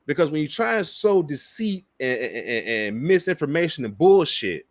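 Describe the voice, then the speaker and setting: A man's voice: fairly high pitch, big pitch swings, normal speed, dry recording. Swearing, fired-up male reaction host. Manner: heated, swearing, laughing scornfully. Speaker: political commentary host. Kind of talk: profane reaction rant.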